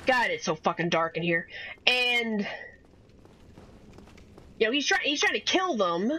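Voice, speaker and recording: A woman's voice: on the high side, very animated, a little slow, pushed and bright, slight background noise, rough recording. A young woman streaming a game, rambling and swearing as she chats through her play. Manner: rambling, swears often, swings from chatty to exasperated outbursts. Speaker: gaming streamer. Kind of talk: casual gameplay commentary.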